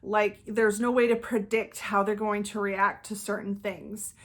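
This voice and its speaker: A woman's voice: mid-range voice, level tone, a little slow. A woman hosting her own channel, talking conversationally and now and then acting out quoted outbursts. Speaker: channel host. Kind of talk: casual talking-head commentary.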